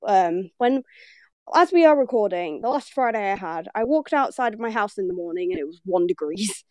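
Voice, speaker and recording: A woman's voice: mid-range voice, moderate pace, no room sound. A young woman with a Northern English accent, chatting as a podcast co-host, bubbly and laughing as she tells stories. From Northern England. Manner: bubbly, laughing, animated storyteller. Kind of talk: casual chat.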